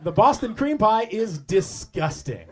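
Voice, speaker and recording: A man's voice: high-pitched, big pitch swings, a little slow. A man from Canada doing stand-up roast insults on a comedy club stage, with crude, mocking punchlines. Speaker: roast battle comic. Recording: noisy live club recording.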